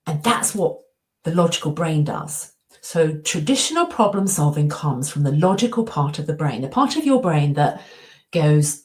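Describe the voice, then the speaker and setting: Her voice fairly low and sing-song, this middle-aged woman speaks at a moderate pace with a slightly mellow quality. An anxiety coach and speaker, she presents with slides and acts out her inner dialogue while telling a story.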